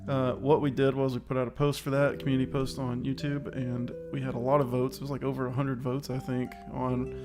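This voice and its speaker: Man, casual co-host, gravelly voice, flat delivery, rambling, slightly out of breath. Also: medium pitch, brisk, few pauses, music in the background. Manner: rambling, self-aware, upbeat. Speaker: podcast co-host. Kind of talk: casual chat.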